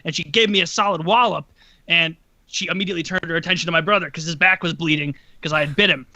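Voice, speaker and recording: A man co-hosting a podcast, telling an energetic, laughing childhood story. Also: a little high, fast talker, no room sound. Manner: energetic, bright, laughing narration. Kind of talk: casual storytelling.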